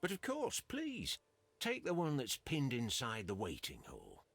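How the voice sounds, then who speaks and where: An actor playing an elderly, forgetful and obliging station master who talks in a husky, hesitant, stammering way in a video game. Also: male voice, mid-range voice, wildly swooping pitch, measured pace, fairly bright tone, no echo, faint music behind, heavily acted. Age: older.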